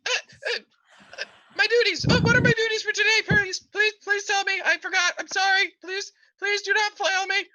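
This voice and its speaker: A woman's voice: extremely high pitch, fairly even intonation, rapid-fire, hardly any pauses, darkish tone, pitched above the performer's own voice, low-quality recording. A woman voicing a panicky, timid young male ship's hand who stammers out frantic apologies in a tabletop game. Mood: frantic, apologetic. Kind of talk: tabletop role-play voice acting.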